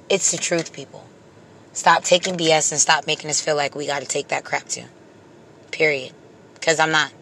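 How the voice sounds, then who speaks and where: A vlogger talking straight to viewers in an impassioned, casual monologue, repeating emphatic phrases like a sermon and trailing off softly at the ends of lines. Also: mid-range voice, slight background noise. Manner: repetitive, preachy, emphatic phrases.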